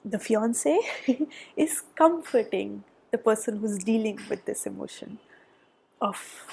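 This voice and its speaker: A woman doing a pick-a-pile tarot reading, chatty and thinking aloud, with soft murmured asides and a nasal voice from a cold. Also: medium pitch, animated, measured pace, creaky, pauses often, slightly rough. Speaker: tarot reader. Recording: background noise.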